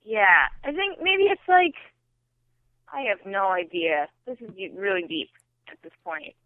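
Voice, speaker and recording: A mid-pitched podcast co-host trades playful, teasing banter in casual chat. The voice comes through a thin, tinny, phone-like line. There is no room echo. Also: huge pitch swings, a little slow.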